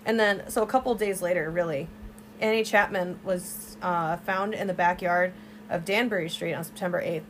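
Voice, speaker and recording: A young woman co-hosting a casual true-crime podcast, telling the story in an animated way with swearing and side remarks. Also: fairly low pitch, moderate pace, slight background noise. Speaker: podcast co-host.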